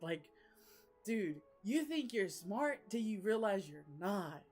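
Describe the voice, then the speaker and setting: A woman's voice: mid-range voice, big pitch swings, takes it slowly, slightly rough, soft background music. A young woman casually recapping book chapters, chatty and slangy, laughing often. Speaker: book vlogger.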